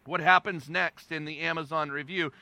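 A man preaching a sermon with a high, gravelly, piercingly bright voice. He talks to the congregation in a loose, emphatic way, repeating phrases and moving between hushed and loud passages. The sound is dry and close. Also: fairly even intonation, moderate pace, no echo. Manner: conversational and emphatic, repeating phrases for stress, with wide swings in loudness. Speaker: pastor.

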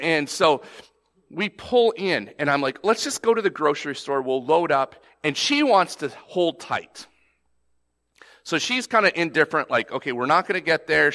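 Guy pastor preaching, kinda high bright voice, chatty storytelling style, trips over his starts. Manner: animated, conversational, repeats starts. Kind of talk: storytelling sermon.

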